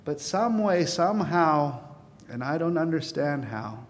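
A man's voice: a little high, big pitch swings, measured pace, a little hiss or hum. Earnest male pastor preaching in a hall. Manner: earnest, building to emphatic peaks then dropping soft. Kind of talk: sermon.

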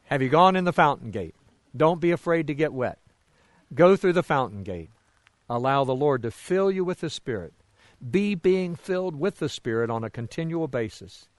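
A man preaching a sermon in a fairly high voice. He swings from soaring, loud emphasis down to quiet, low remarks and throws rhetorical questions out to the congregation. The sound is dry and close. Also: animated, normal speed, no room sound. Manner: emphatic rises and drops in pitch and volume.

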